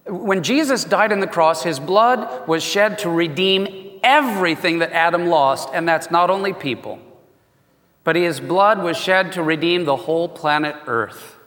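A man preaching a sermon as a pastor, telling stories in an animated way and acting out the voices in them. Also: high voice, in a large hall. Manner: animated storytelling, acts out quoted voices.

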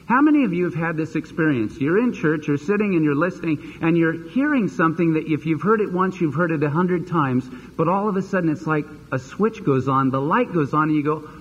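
A man preaching a sermon as pastor, animated and acting out the voices he quotes. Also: on the high side, fairly quick, hardly any pauses, slight background noise. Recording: dull lo-fi sermon recording with long reverb.

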